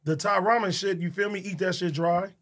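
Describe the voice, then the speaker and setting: A man's voice: sits high, steady tone, fairly quick, fairly bright tone. A man co-hosting a podcast, teasing his friends in blunt slang and laughing often. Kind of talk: casual podcast chat.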